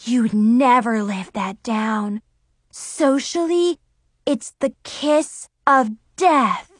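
A woman's voice: a little high, drawn-out words, no room sound, clean studio sound. Woman reading as Chloe, a grim teen girl. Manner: grim, earnest warnings. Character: teen girl best friend Chloe, dramatic.

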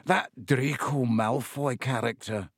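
A man's voice: medium pitch, slow pace, husky, no echo, studio quality. A man voicing an earnest, formal teenage schoolboy in an audiobook. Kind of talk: audiobook reading.

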